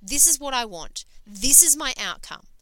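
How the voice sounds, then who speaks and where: A woman's voice: high-pitched, expressive, normal speed, bright, forceful tone, dry recording, rough recording. A woman hosting a podcast, talking in an emphatic, sweary, casual motivational monologue full of fillers. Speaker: podcast host and coach.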